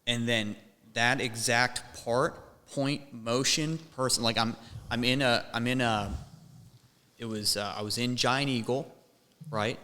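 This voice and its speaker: A young man with a bright, forceful voice tells a rambling story, swearing and restarting as he goes. His voice rings with a long hall reverb. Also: medium pitch, fairly even intonation, unhurried. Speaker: podcast host. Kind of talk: casual chat.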